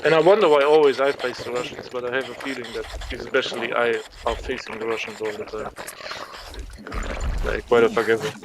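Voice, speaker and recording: A man's voice: medium pitch, flat delivery, brisk, a crowd in the background, poor audio. A man from Germany, chatting loosely and at length while streaming a game, swearing now and then. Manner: rambling, loose and talkative, swears casually.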